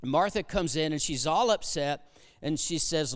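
Man preaching, high and smooth, goes soft then loud, big echoey church. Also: expressive, a little slow. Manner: swings from hushed to loud and emphatic. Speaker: pastor. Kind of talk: sermon. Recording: long hall reverb.

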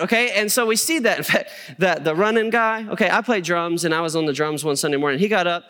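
A middle-aged male pastor preaches in an animated, storytelling way, his high, bright voice clear and smooth. His words ring out with a long reverb that fills the church hall. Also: fast talker, few pauses. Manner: animated storytelling with humor and asides to the congregation. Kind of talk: sermon. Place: church sanctuary.

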